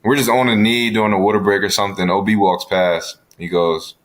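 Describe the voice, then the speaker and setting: Laid-back low-voiced male co-host. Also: fairly even intonation, a little fast. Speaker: podcast co-host. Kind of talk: casual chat.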